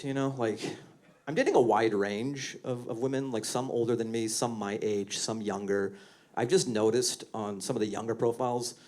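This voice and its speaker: A slightly mellow man in his forties performs a conversational stand-up set into a handheld mic, often slipping into squeaky voices for acted bits. He's on a comedy venue stage, and the live recording carries crowd laughter and noise.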